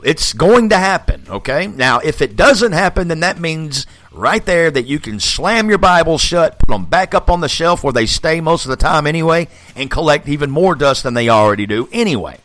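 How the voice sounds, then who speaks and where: A man's voice: mid-range voice, expressive, moderate pace, a bit bright, dry recording, soft background music. A man hosting a podcast, delivering a profane, blunt ranting monologue and laughing often. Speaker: podcast host.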